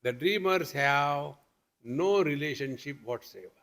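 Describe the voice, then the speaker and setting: Slow-speaking man giving a spiritual talk. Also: fairly high pitch, animated, gravelly, fairly bright tone. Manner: patient, questioning, with homely examples and light humor. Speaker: swami teaching at a meditation retreat. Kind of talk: spiritual discourse.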